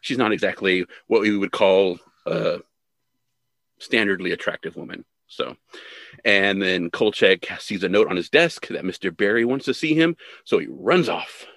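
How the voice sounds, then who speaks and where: A man's voice: on the low side, moderate pace, no echo. A man in casual chat, retelling a film's scenes and acting out the characters' lines. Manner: animated retelling, acts out characters' lines in raised voices. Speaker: podcast co-host. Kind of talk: casual chat recapping a film.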